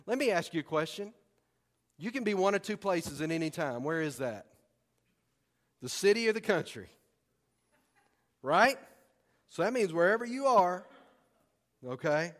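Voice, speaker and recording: A man preaching a sermon in a folksy, excitable way, breaking into sudden loud bursts. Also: sits high, unhurried, long pauses. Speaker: pastor. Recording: long hall reverb.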